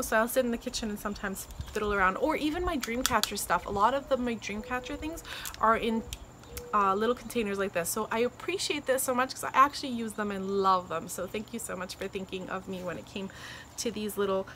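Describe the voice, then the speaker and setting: In a casual happy-mail unboxing vlog filmed outdoors in the sun, a Canadian crafting vlogger in her thirties opens craft gifts, gushing with delight and saying thank you many times. Her mid-range voice is brisk, and insects fill the noisy outdoor ambience.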